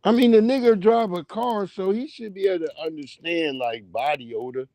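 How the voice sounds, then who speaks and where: A man's voice: sits high, moderate pace, dark tone, dry recording. A man hosting a livestream, swearing freely and laughing as he tells stories and greets his chat. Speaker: livestream host.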